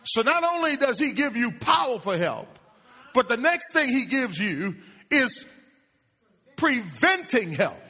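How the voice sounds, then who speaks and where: A male pastor preaches with a high, bright voice that swings widely up and down. He builds phrases into shouts and calls out to the congregation. His voice rings through a church with a long reverb. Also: sing-song, a little slow, slightly rough. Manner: impassioned preaching with call-and-response cries. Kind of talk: sermon. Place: church sanctuary.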